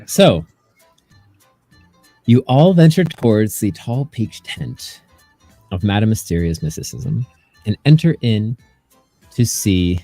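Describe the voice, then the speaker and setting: A man narrating as game master, describing scenes in a relaxed way and asking players what they do. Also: lowish voice, slow, long pauses, no echo, faint music behind.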